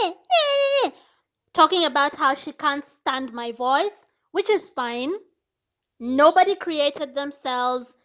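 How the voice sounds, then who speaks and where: A high-pitched young woman talks straight to her viewers in a casual vlog. She reflects earnestly, reasoning things through as she tells personal stories. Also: fairly bright tone. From Kenya. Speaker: vlogger. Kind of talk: casual monologue.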